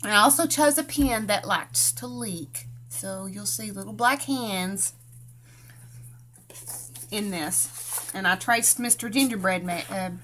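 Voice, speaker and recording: Southern country gal doing a live craft stream, chatty and rambly, bright twangy voice. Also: female voice, medium pitch, slow, a little hiss or hum. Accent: Southern US country accent. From Tennessee, US. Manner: rambling, folksy, greets chatters by name, laughs often. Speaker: craft channel host.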